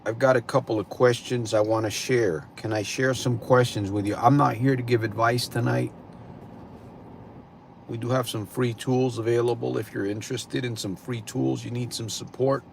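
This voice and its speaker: A man hosting a live stream, greeting viewers and slowly posing reflective questions to them. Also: medium pitch, steady tone, gravelly, a little hiss or hum. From California. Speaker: livestream host.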